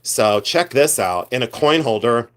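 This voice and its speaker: A middle-aged man hosts a live reseller stream, chatting animatedly and reading viewer comments aloud while showing off his finds. His medium-pitched voice has lively intonation and an unhurried pace. For laughs, he mimics shouting collectors in this show-and-tell chat.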